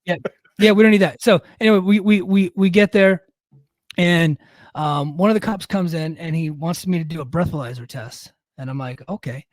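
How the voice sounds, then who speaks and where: A man's voice: high-pitched, normal speed, no echo. Profane middle-aged man spinning a story. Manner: profane, rambling anecdote with many restarts. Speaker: podcast host. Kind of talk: casual storytelling.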